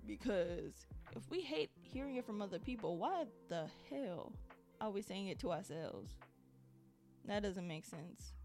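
A woman's voice: mid-range voice, darkish tone. A woman hosting her podcast, ranting solo in an exasperated, sarcastic way and repeating words for emphasis. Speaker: podcast host. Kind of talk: solo diary-style rant.

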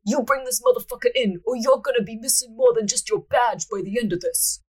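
A woman voicing a bald, booming male police chief with a mobster manner, barking threats. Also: animated, normal speed, breathy edge. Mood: threatening.

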